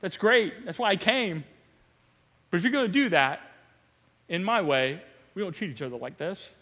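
A man speaking as Jesus in a sermon, calm, patient and firm. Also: high-pitched, moderate pace, in a large hall, full character voice. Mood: gently firm. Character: Jesus, gently firm male teacher.

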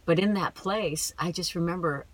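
Middle-aged woman guest, very low voice, earnest and emphatic, preacherly testimony. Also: normal speed. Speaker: guest speaker. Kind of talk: faith testimony in a podcast conversation.

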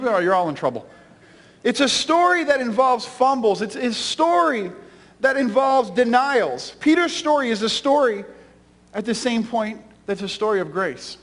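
A man's voice: extremely high pitch, long reverb tail. A man pastor preaching a sermon with an emphatic, repetitive cadence in a church sanctuary.

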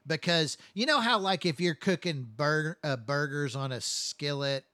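Male storyteller, profane and rambling, slightly higher voice, bright tone. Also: a little slow, no echo. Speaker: first responder telling stories. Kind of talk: casual storytelling chat.

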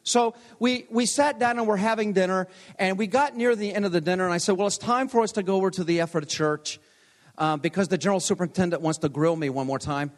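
Older pastor guy preaching in a big chapel, fairly high voice, jokey storytelling, long echo trailing off. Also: quick pace. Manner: storytelling, self-deprecating humor. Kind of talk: homecoming chapel sermon. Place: large chapel. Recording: long hall reverb.

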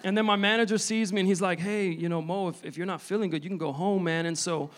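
A man in his thirties preaching a sermon, telling his testimony in an earnest, halting way with many restarts. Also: sits high, fairly even intonation, a bit bright.

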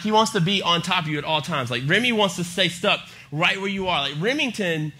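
At a church youth service, a young pastor delivers a sermon packed with humorous stories and energy. He speaks in a high, animated voice with a sharp tone, a little fast and rarely pausing.

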